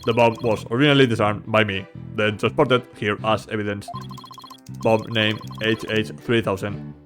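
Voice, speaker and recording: A man doing a flat robotic bomb expert. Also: on the low side, faint music behind, close to an everyday voice. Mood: curt. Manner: flat, clipped, slow. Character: curt robotic-sounding male bomb expert.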